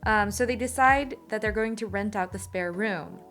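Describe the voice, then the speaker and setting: A woman chatting casually as co-host of a drawing channel, telling a story in detail with animated enthusiasm. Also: medium pitch, moderate pace, soft background music. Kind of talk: casual chat while drawing.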